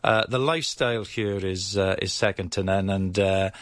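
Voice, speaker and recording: A man's voice: low voice, normal speed, fairly bright tone, no room sound, studio quality. A middle-aged man with a Welsh accent, speaking as a guest in a radio interview, hesitant and full of fillers. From Wales. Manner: hesitant, many fillers and restarts. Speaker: agency chief executive, guest.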